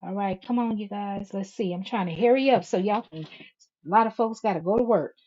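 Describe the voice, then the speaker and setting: Through dull lo-fi stream audio, a channel host with a medium-pitched, mellow voice speaks briskly. She reads out viewers' comments and fires back sassy, emphatic replies.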